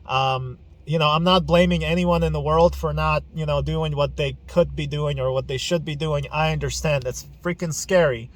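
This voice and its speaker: Young man, blunt and profane, emotional, slightly high voice, casual vlog. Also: fairly even intonation, moderate pace, few pauses, slight background noise. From Ukraine. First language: Ukrainian. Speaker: podcast host.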